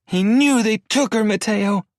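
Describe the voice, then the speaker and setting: A man voicing a fierce, grieving young woman in an audiobook, pushing his voice high and strained. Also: a little fast, no echo, studio quality, lightly acted. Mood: screaming, furious. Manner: high-pitched, strained and shouting at peaks. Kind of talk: audiobook character voice.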